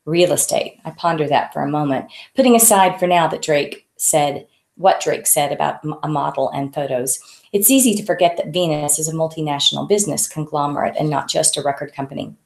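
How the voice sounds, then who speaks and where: Woman reading her own book, low gravelly voice, echoey room. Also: fairly quick, a little mellow. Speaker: author. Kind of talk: audiobook reading of her novel.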